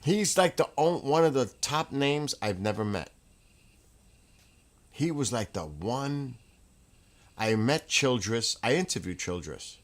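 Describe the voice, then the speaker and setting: A man hosting a casual livestream from home, telling rambling, excitable stories and laughing as he goes. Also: lowish voice. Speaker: livestream host. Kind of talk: casual chat.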